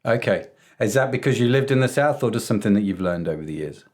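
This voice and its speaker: A man's voice: lowish voice, animated, fast talker, darkish tone. Upbeat man hosting a podcast. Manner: upbeat, playful, repeats "oh, yes". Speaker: podcast host. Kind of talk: casual interview chat.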